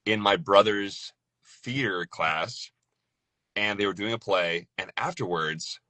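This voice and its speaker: A man's voice: fairly low pitch, takes it slowly, pushed and bright, dry recording. A man, a voice actor, chatting loosely and joking after a few drinks. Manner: loose, joking, laughs often. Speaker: voice actor guest. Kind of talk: casual tipsy chat.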